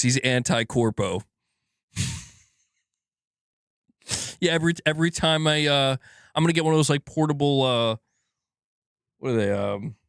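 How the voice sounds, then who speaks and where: A man's voice: mid-range voice, no room sound, clean studio sound. A man streaming casually, joking around, swearing freely and laughing at his own jokes. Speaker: gaming news streamer. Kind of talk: casual live-stream chat.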